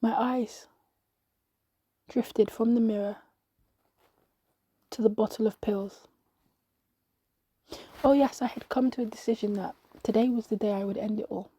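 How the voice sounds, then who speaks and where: Woman narrator, mellow and breathy, dry close sound, slow intimate monologue that drifts into whispers. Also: a little high, fairly even intonation, no echo. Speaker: podcast narrator. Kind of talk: scripted dramatic monologue.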